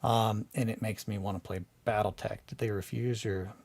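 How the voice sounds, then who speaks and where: Rambling, excitable man chatting casually. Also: lowish voice, moderate pace, creaky. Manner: excitable, rambling, swears freely, restarts often. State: winding down from a bad mood. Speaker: hobby video host.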